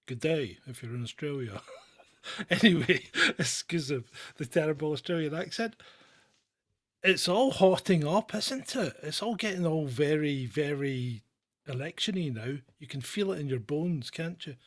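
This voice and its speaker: A man's voice: fairly high pitch, lively intonation, moderate pace. Chatty joking male political show host. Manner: chatty, joking, with frequent fillers and restarts. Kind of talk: casual political commentary.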